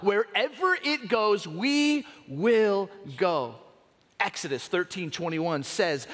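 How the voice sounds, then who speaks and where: A man preaching with a high, lively voice that rises and falls as he tells stories. He slows down for dramatic pauses. Long reverb trails off each phrase in a large church auditorium. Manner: animated storytelling, dramatic pauses. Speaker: pastor. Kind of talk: sermon.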